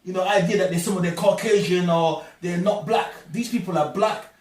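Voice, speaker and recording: A man's voice: high voice, brisk, a little mellow. A man speaking as a guest in a religious discussion, earnest and emphatic like a preacher. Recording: echoey room, far from mic, music behind.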